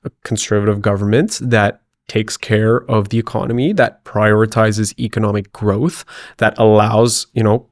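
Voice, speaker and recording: A man's voice: lowish voice, fairly even intonation, moderate pace, no echo, clean studio sound. A young man, a podcast guest, speaking in an earnest, hopeful and persuasive way. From Canada. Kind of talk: casual political podcast chat.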